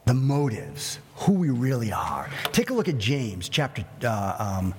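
A male pastor preaching a sermon in an animated way, acting out everyday scenes with humor. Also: mid-range voice, a little slow, in a large hall.

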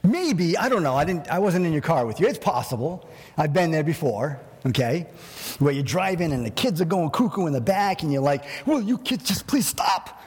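A male pastor preaching a sermon in an animated way, acting out everyday scenes with humor. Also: fairly high pitch, brisk, husky, in a large hall.

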